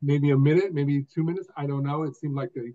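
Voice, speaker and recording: An older man, a guest telling his story in an expressive, emphatic way, phrase by phrase. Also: a little high, fast talker. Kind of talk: conversational storytelling. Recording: dull lo-fi sound.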